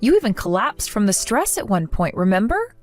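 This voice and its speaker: A middle-aged woman playing a resilient mother who gently comforts her grown daughter. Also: medium pitch, big pitch swings, brisk, soft background music, natural voice. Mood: reassuring. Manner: gentle, reassuring.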